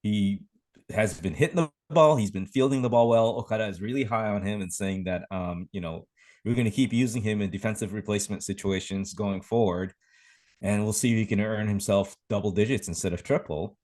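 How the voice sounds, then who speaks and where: A man co-hosting a podcast in a casual, measured way, agreeing and filling in the details. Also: fairly low pitch, darkish tone. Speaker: podcast co-host.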